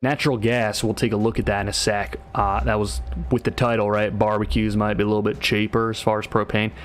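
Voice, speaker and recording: A man's voice: lowish voice, flat delivery, a little fast, slight background noise. A man giving live market commentary on a livestream, talking in a casual, slangy way and often tossing in "right?".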